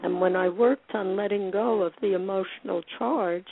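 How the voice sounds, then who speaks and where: A woman's voice: mid-range voice, steady tone, moderate pace. A middle-aged woman from Brooklyn, a psychotherapist guest, explaining her ideas thoughtfully and correcting herself as she goes. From Brooklyn, USA. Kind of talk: phone interview. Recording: tinny phone line, dry.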